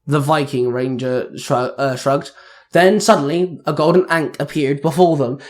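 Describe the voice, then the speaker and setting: A man's voice: on the high side, steady tone, moderate pace. A man narrating an amateur action story, reading fight scenes steadily.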